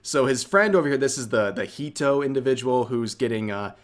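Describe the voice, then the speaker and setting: A man talking over a clip in an easy, conversational way, with a voice at an average pitch. His remarks are sarcastic and mocking. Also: animated, a little fast. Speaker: reaction commentator. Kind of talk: casual reaction commentary.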